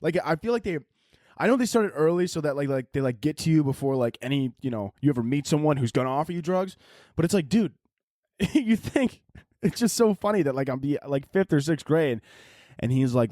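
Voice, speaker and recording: A young man hosting a podcast, telling comedic stories in an animated, profane, mocking way. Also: on the high side, brisk, no room sound, clean studio sound. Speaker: podcast host. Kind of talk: comedic storytelling monologue.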